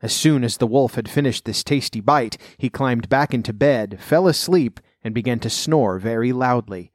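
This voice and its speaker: A man calmly narrating a fairy tale in a measured storybook reading. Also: medium pitch, no echo, studio quality.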